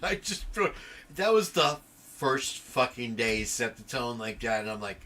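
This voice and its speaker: A middle-aged livestream host with a medium-pitched voice speaks a little slowly as he tells a long, rambling story. He's profane and animated, retelling events while wandering off on tangents.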